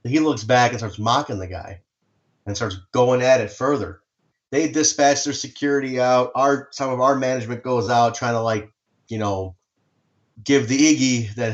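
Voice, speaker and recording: A man co-hosting a podcast, telling a story casually, animated and swearing, with lots of restarts. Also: medium pitch, moderate pace, dull audio. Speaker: podcast co-host.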